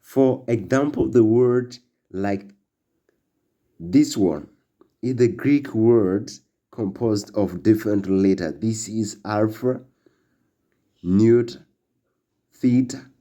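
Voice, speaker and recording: Slow, low-voiced male language teacher. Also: warm tone, dull audio. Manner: slow, halting delivery with fillers, drilling words for repetition. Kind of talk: classroom-style language lesson.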